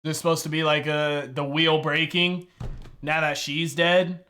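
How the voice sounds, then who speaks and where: A young man reacting to a TV episode with loud, profane, exasperated exclamations. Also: on the high side, level tone, unhurried. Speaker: video reactor. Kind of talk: reaction commentary.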